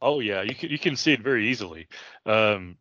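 A man's voice: fairly low pitch, lively intonation, brisk, sharp tone, highs cut off. A man in his late thirties, a preacher, teaching a Bible passage in an earnest, casual way with many fillers and restarts. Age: 30s.

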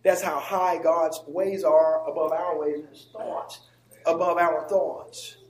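A man delivers a sermon in a high, ringing voice. He swings from quiet asides to emphatic, near-shouted lines. The recording carries a roomy church echo. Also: level tone, takes it slowly. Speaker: preacher.

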